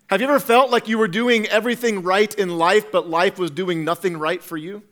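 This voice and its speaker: A male pastor preaching a sermon earnestly, dropping to a hush at times and repeating words as he goes. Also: high-pitched, steady tone, fairly quick, hardly any pauses. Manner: earnest, swings from loud to hushed, repeats words.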